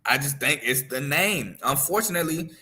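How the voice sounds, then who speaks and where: A man with a bright, forceful voice runs his own sports talk show. He delivers his picks and takes in a relaxed, offhand way. His speech is loose and conversational, with repeated phrases and the odd "man" dropped in. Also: on the high side, moderate pace. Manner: gives picks and opinions in a confident, offhand way. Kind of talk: casual sports talk commentary.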